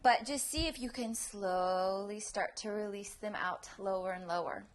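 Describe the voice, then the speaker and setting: A woman's voice: medium pitch, moderate pace, a little hiss or hum. A woman teaching a prenatal yoga class, cueing breaths, counting down pulses and encouraging her students. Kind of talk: guided yoga class instruction.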